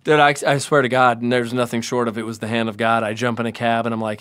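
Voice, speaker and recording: The speaker, a guest and brewery sales rep from Spearfish, South Dakota, has a mid-range, slightly bright voice with fairly even intonation and a fast pace. In casual conversation he recounts a touring story, imitating those he quotes. With dogs around in a home room, the recording carries no room sound.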